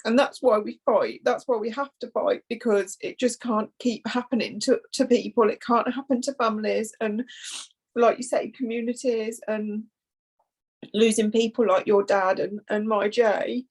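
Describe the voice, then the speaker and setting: A woman, a bereaved mother, speaking through tears in a halting, emotional conversation, often repeating words. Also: a little high, fairly even intonation, husky, rough recording. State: tearful. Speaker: foundation founder, bereaved mother.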